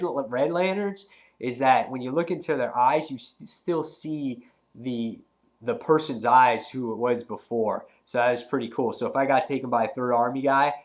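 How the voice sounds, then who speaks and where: A young man with a cold, reviewing a comic book in a rambling, slangy, excitable way. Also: medium pitch. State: has a cold. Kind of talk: casual video review.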